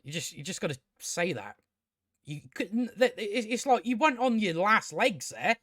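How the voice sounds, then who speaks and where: A man's voice: sits high, big pitch swings, moderate pace, a bit bright, no room sound, studio quality. Sarcastic, sweary man. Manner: sarcastic, sweary, rambling rant with many fillers. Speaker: TV show reviewer. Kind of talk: casual spoken review.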